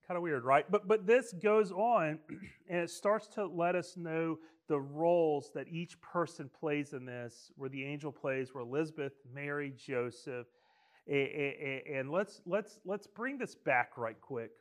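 A man's voice: a little high, measured pace. A man preaching a casual, humorous storytelling sermon, joking and checking in with frequent tag questions and restarts.

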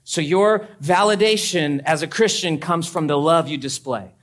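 Animated conversational pastor preaching. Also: male voice, on the high side, normal speed. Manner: conversational, animated preaching with rising emphatic peaks. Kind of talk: sermon.

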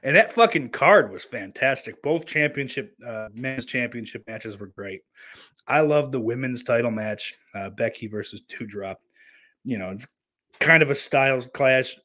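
An animated man with a medium-pitched, fairly bright voice talks at normal speed in a dry recording. He's a livestream host at home, reading viewer comments aloud, swearing freely and chatting in a rambling, casual way.

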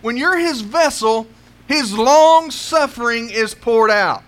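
A man with a strikingly high voice preaches a sermon. He pushes his congregation with question after question and doubles back on his words as he builds each point. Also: animated, slow, fairly bright tone. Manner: pleading rhetorical questions, repeats words as he builds.

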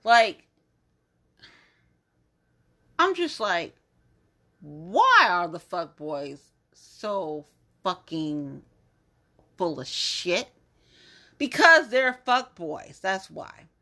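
A woman hosting a podcast in a loose, casual monologue, blunt and heavy on profanity. She drags out her words at an unhurried pace. Her tone is bright and forceful, with exasperation running through it. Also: lowish voice, big pitch swings. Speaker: podcast host.

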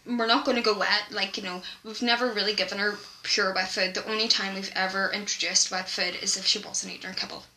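A woman's voice: mid-range voice, fast, hardly any pauses, a little hiss or hum, poor audio. A woman, co-hosting a podcast in casual chat and telling stories with lots of fillers. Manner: chatty, animated storytelling with many fillers. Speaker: podcast co-host.

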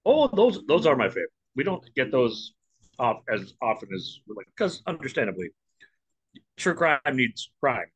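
A man co-hosting a podcast, chatting and joking in an animated way. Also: mid-range voice, moderate pace, slightly rough, no echo, muffled recording. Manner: jokey, animated. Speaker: podcast co-host. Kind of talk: casual chat.

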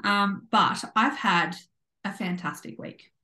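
A woman co-hosting a podcast, telling a story in a bubbly, animated way and acting out what people said. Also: mid-range voice, slow pace. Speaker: podcast co-host. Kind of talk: casual chat. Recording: echoey room.

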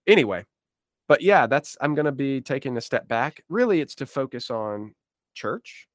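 A man's voice: medium pitch, sing-song, moderate pace, no room sound, studio quality. A man co-hosting a podcast, chatting casually with self-deprecating jokes. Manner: joking, self-deprecating asides. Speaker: podcast co-host.

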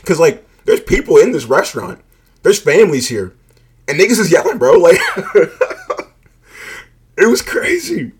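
A man's voice: a little high, big pitch swings, moderate pace, pauses often, breathy edge. A man casually telling a personal story, swearing freely, leaning on "like" and laughing along as he goes. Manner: laid-back, profane, heavy use of "like", laughs often.

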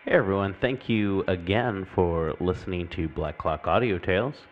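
A man hosting a podcast, reading off sponsor and shop plugs with relaxed, joking asides. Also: low voice, normal speed. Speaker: podcast host. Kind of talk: casual show outro. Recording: dull lo-fi mic with faint hiss.

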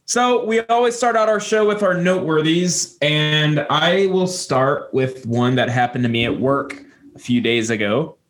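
Animated young man telling a story. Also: measured pace. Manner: animated, puts on squeaky voices for animals. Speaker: podcast co-host. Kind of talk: casual storytelling chat.

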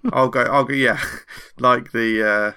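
A man playing a tabletop game, talking slowly and laughing, stumbling over his words. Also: medium pitch, fairly even intonation, pushed and bright, smooth. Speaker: player. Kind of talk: casual tabletop game play.

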